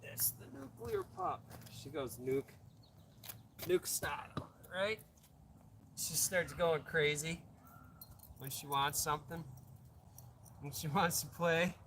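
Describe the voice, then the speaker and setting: A man's voice: a little high, slow, long pauses, fairly bright tone, recorded from a distance, a little hiss or hum. A man hosting a casual livestream outdoors on a hot day, rambling and chatting to his dog. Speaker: livestream host.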